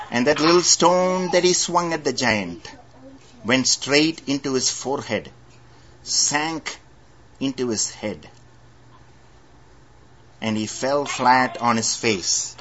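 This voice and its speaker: A man preaching a sermon as a story, with humorous asides and slowed dramatic emphasis, in a dull lo-fi recording. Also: mid-range voice, fairly bright tone, a little hiss or hum.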